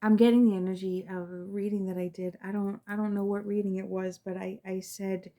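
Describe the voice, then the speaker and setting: A woman giving a spiritual tarot reading to her viewers, reflective and earnest, often repeating words and trailing off softly. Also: medium pitch, flat delivery, fairly quick. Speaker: tarot reader.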